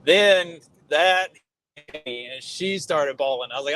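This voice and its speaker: Middle-aged male podcast co-host, lively swearing storyteller, voice sits a bit high. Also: takes it slowly, poor audio. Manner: animated storyteller, swearing freely. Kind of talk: casual chat.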